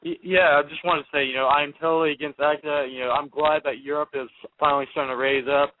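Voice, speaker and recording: A man's voice: fairly high pitch, fairly even intonation, quick pace, no echo. A man calling into a talk radio show, speaking casually and loosely, with lots of filler words. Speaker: caller. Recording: dry phone line.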